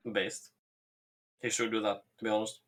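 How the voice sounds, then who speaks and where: Deadpan sarcastic co-host, man. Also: lowish voice, normal speed. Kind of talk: casual comedic banter.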